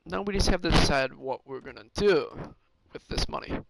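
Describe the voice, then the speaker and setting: A man's voice: on the high side, moderate pace, gravelly, noisy background. A man streaming a hockey management game, thinking aloud in casual commentary with many fillers and restarts. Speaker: gaming streamer.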